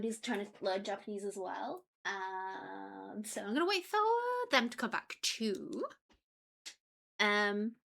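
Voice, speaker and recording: A young woman streamer chats casually, scattered and full of ums, often breaking off mid-sentence. Her mid-range voice is creaky, pushed, and bright.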